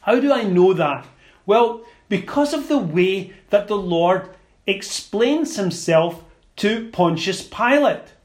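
A man preaching a sermon in a slow, deliberate and emphatic way, with small stumbles and repeated words. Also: high-pitched.

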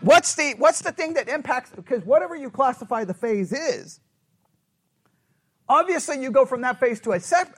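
A man's voice: extremely high pitch, slightly rough. A man leading a Bible study class, asking the group questions and repeating phrases over and over for emphasis. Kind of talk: interactive Bible study lesson.

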